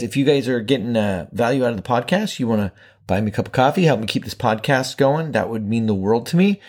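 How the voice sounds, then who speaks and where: A man's voice: mid-range voice, darkish tone. A man hosting his own podcast, talking casually in a playful, jokey and emphatic way. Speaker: podcast host. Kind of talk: casual solo podcast talk.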